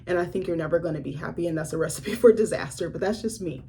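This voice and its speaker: A young woman casually recapping a film she reviewed, animated and profane, with a husky voice. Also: fairly low pitch, fast, a little hiss or hum. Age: young adult. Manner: animated storytelling with profanity and laughter.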